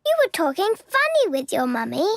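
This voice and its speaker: A woman's voice: sits high, wildly swooping pitch, brisk, creaky, dry recording, clean studio sound, heavily acted. A woman voicing an eager, curious little girl piglet in a cartoon. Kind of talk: cartoon voice acting.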